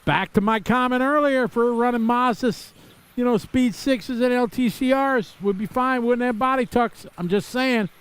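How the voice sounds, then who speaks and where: A man's voice: very high-pitched, moderate pace, a bit bright, clean tone. A middle-aged man from Wisconsin giving live, chatty commentary on a radio-controlled car race, rambling into asides between calls.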